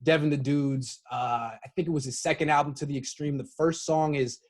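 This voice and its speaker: Animated man, fairly high voice. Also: a little fast. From San Francisco Bay Area. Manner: animated, opinionated, with frequent restarts. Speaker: guest. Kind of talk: casual podcast chat.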